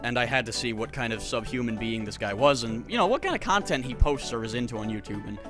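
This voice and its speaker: Over music, a YouTuber reacting to comments reads them aloud in a casual commentary video and mocks them, sarcastic, exasperated and profane. His mid-range voice is expressive and quick, full of stammered restarts and chuckles, swinging from loud to muttered.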